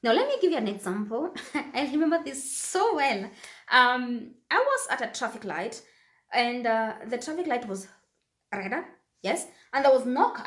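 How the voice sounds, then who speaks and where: A woman's voice: on the high side, fairly bright tone, reverberant. A woman from Kenya, talking casually to camera as a vlogger and repeating phrases for emphasis.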